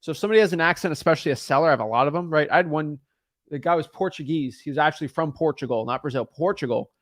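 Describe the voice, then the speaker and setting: A man's voice: a little high, rapid-fire, dry recording, studio quality. A man casually explaining his cold calls to viewers and talking with sellers, rambling and often repeating words as he starts a sentence. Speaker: real estate wholesaler making cold calls.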